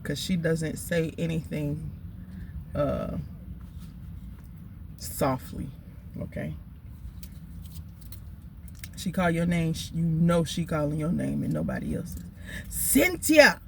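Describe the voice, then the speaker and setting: A woman's voice: low-pitched, lively intonation, moderate pace, gravelly, a little mellow, slight background noise. A woman telling a story while eating in a casual food vlog, chatty and emphatic. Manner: chatty, emphatic, Southern US slang. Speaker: food vlogger.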